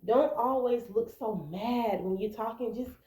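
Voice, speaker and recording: Earnest lady vlogger giving love advice, soft dark tone, kinda echoey room. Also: fairly high pitch, a little slow, slight background noise. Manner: earnest, repetitive, acts out quoted arguments. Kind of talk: casual advice talk to camera.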